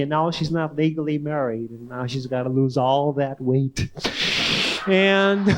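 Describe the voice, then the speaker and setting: High pitched guy doing standup at a club, weird pauses then squeaky jumps, stage mic. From northern United States. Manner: swooping high-pitched delivery with odd pauses and sudden squeaks. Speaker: stand-up comedian. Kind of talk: live stand-up comedy.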